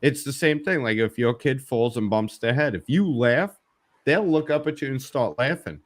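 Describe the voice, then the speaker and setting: A man's voice: medium pitch, expressive, moderate pace. A man hosting a live stream, chatting casually in a blunt, joking, profane way. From New York. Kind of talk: casual chat.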